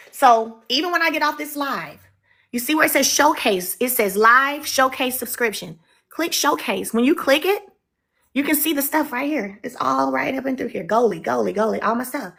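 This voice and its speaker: An upbeat woman runs a live shopping stream, chatting and urging viewers to buy. Her voice is bright and a bit higher than usual. It is recorded on a phone in an echoey room. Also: gravelly. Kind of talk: live-stream sales pitch.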